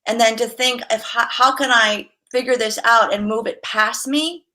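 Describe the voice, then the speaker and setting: A woman's voice: on the high side, normal speed. A woman who works as a massage therapist, a guest chatting casually, telling stories with laughs and acting out quoted voices. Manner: lively storyteller, laughs often, acts out quotes. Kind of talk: casual interview chat.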